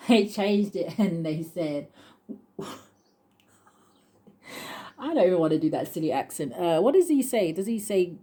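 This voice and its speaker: A woman giving a casual tarot reading on her channel, thinking aloud and chuckling as she reads card texts slowly. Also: on the low side, lively intonation, dark tone. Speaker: tarot reader.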